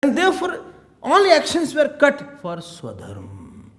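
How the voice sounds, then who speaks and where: A man giving a spiritual sermon, animated and acting out little scenes as he teaches. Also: extremely high pitch, measured pace. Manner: animated, acts out little scenes, chuckles often. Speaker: swami giving spiritual talks.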